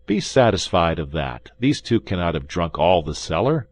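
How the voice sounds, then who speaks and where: Man playing a young male swordsman, bold, commanding, loud, lively. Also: deep voice, normal speed. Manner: firm, commanding, raised voice.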